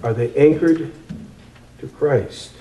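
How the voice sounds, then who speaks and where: Male preacher, sermon delivery, emphatic with repetitions, dark mellow timbre, echoey room. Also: mid-range voice. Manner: emphatic, repeats phrases for effect, slows on key words.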